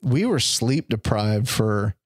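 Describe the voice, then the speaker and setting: A man's voice: fairly low pitch, lively intonation, slow pace, breathy edge, dry recording, clean studio sound. A middle-aged man as a podcast guest, talking in a reflective, thorough and self-deprecating way. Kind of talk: casual conversational interview.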